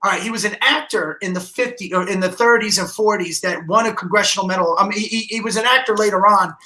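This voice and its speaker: A man in casual late-night podcast chat, fired up and profane, breaking into shouts. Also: high voice, quick pace, roomy sound, poor audio. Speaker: podcast guest.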